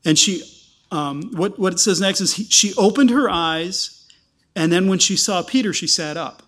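A man preaching a sermon, explaining a passage and acting out the people in it with lively quoted voices. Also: high-pitched, normal speed. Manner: animated, acts out quoted voices.

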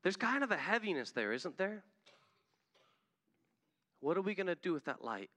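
Earnest preacher, man, fairly high voice, builds to emphatic peaks mid-sermon. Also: sing-song, moderate pace, fairly bright tone, no echo. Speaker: missionary preacher.

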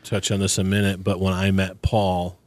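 Lower-voiced joking man hosting a podcast. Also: monotone, fairly quick, a little mellow, dry recording. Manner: playful, digressive, joking. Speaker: podcast co-host. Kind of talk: casual interview conversation. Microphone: close studio podcast mic.

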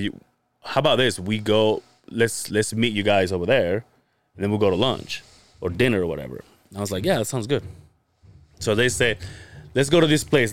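Male podcast host, low and dry, rambling casual storyteller with lots of fillers. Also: dry recording. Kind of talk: casual chat.

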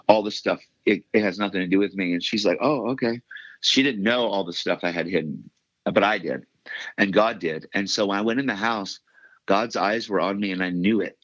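A man's voice: lowish voice, fairly bright tone, no echo, muffled recording. A middle-aged man, a podcast guest, earnestly telling his life story and repeating phrases for emphasis. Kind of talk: testimony storytelling.

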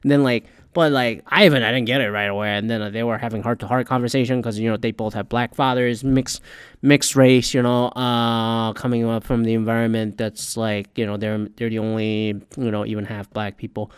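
A Korean American man hosts a podcast, ranting loosely and profanely about a reality dating show, rambling along and often getting heated. His voice sits at a medium pitch with little movement, and he talks briskly and smoothly. The studio-quality recording has no echo.

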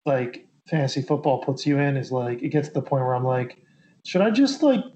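A man's voice: mid-range voice, level tone, fairly quick, mellow, slight background noise. A man in casual sports chat who halts and repeats words as he talks. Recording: dull lo-fi sound.

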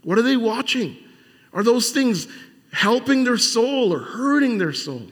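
A man's voice: very high voice, expressive, measured pace, fairly bright tone. A male pastor preaching a sermon in a conversational style, with emphatic rhetorical questions and frequent restarts. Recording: long hall reverb.

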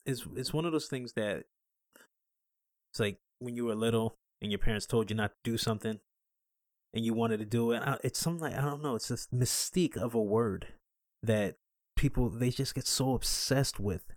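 A man's voice: mid-range voice, moderate pace, no echo. A man chatting on a podcast in an easygoing, reflective manner with a dry wit. His voice sits mid-range and sounds dry and close to the mic, with no room sound. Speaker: podcast co-host. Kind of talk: casual chat.

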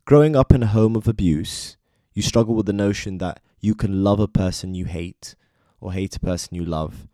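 A man reading scripted biographical narration in a measured way, speaking straight to the listener. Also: on the low side, dark tone, no echo, studio quality. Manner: measured, addresses listener directly. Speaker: documentary narrator.

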